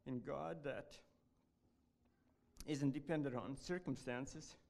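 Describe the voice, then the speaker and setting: A man giving a devotional talk at church, reading a passage aloud in an earnest, halting way. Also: medium pitch, creaky, darkish tone.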